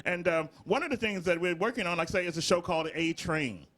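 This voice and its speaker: Speaking quickly in a high, somewhat bright voice, a middle-aged man from the American South swaps stories in a relaxed interview. He's a comedy writer and show creator who laughs frequently as he talks.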